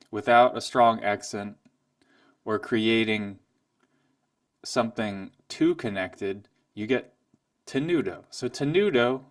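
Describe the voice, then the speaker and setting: A man giving a piano lesson, calmly explaining and then playing examples at the keyboard. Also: mid-range voice, dry recording, studio quality. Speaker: piano teacher. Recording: voice from a distance, piano loud alongside.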